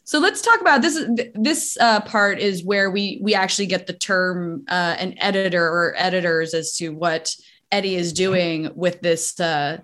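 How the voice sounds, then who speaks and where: A woman hosting a casual group conversation over a video call, laughing often and asking quick follow-up questions. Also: on the low side, a bit bright. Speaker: host of a podcast talkback.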